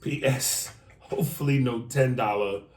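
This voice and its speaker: A man co-hosting a podcast, reading a listener email aloud in a blunt, profane, animated way. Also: medium pitch, a little slow. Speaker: podcast co-host.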